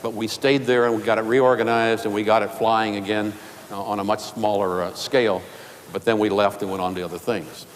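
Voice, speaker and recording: A man's voice: fairly low pitch, fairly even intonation, fairly quick. A man giving a speech to an audience, telling humorous anecdotes in a storytelling way. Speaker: keynote speaker. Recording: echoey hall with faint noise.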